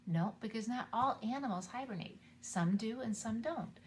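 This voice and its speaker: A woman hosting a preschool show, reading a picture book aloud in a gentle, sing-song voice and asking the children questions. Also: on the high side, normal speed, slight background noise.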